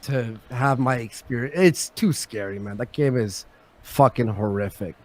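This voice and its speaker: A man hosting a casual livestream chat, telling stories in an animated way and swearing often. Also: medium pitch, a little slow. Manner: animated, swearing storyteller who swings from loud to mumbled. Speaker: show host.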